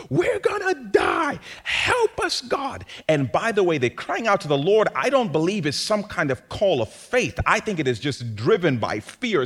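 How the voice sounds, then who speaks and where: A male pastor preaching a sermon in an animated, playful way, now and then mimicking panicked voices for laughs. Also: a little high.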